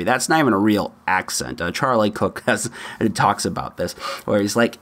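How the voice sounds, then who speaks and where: A man's voice: on the low side, a bit bright. A man hosting a solo podcast, chatting through news items with frequent laughs and offhand asides. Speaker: podcast host.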